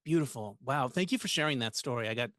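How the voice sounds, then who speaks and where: A man's voice: medium pitch, lively intonation, quick pace, fairly bright tone, no echo, clean studio sound. Affirming male podcast host. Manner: responsive, affirming. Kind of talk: interviewing, brief reactions.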